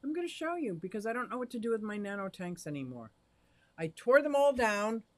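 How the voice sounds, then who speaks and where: A chatty, excitable man livestreaming from his home fish room into a directional mic, talking to viewers while fiddling with his gear. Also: high voice, a little fast, no echo. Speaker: aquarium hobbyist livestreamer. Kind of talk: casual live stream chat to viewers. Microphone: directional microphone.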